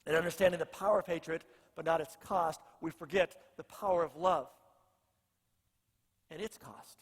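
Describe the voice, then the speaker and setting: A man's voice: fairly high pitch, steady tone, fairly quick, big-room sound. A male pastor preaching a sermon, earnest and repeating phrases for emphasis.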